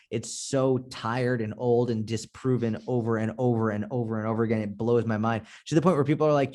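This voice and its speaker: A man with a Boston accent talks as a guest on a casual podcast. He is blunt and animated and swears freely. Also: medium pitch. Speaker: podcast guest, fitness coach.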